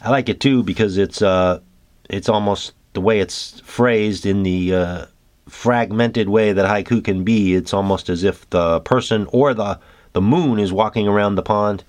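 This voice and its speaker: A man hosting a reflective solo talk about haiku, musing and halting, with many fillers and restarts. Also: fairly low pitch, darkish tone. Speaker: host.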